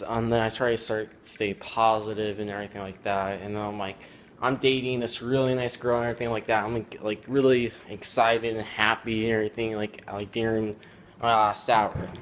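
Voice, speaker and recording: A man's voice: fairly low pitch, a bit bright, slight background noise. Rambling teenage boy telling a story. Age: teens. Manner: rambling, halting, many fillers. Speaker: student vlogger. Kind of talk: casual storytelling. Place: at home.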